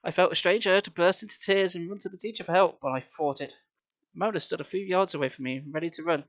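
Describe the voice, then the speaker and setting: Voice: medium pitch, fast talker, a bit bright. A streamer reading a children's horror book live on stream, dry and sarcastic, speaking into a headset.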